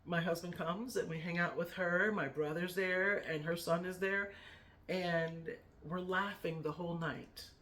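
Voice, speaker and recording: A woman's voice: fairly low pitch, fairly even intonation, unhurried, a bit bright. A middle-aged woman speaking a heartfelt, emotional tribute to a family member in her vlog, fighting back tears. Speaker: vlogger.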